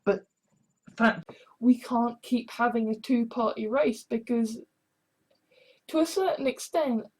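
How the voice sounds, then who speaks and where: A man's voice: extremely high pitch, slow pace, a little mellow. A man ranting exasperatedly in a monologue vlog, swearing heavily. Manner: heavy swearing, exasperated rants. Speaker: vlogger.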